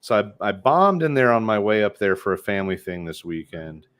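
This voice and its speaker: A man's voice: lowish voice, very animated, fairly quick, a bit bright, no room sound, studio quality. A man co-hosting a podcast, chatting casually and playfully about beers, swearing freely. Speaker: podcast co-host. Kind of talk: casual chat, beer review.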